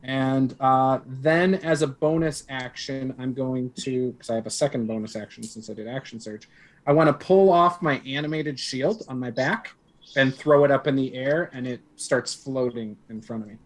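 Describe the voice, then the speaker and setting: A man's voice: mid-range voice, steady tone, normal speed. A man playing in a tabletop game, hesitantly thinking aloud as he works out his turn. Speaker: player. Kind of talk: tabletop game play over a stream.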